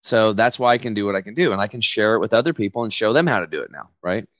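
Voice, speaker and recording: A middle-aged man, a podcast guest, talking in an energetic, casual way with slang. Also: on the low side, quick pace, dry recording. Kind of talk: podcast interview.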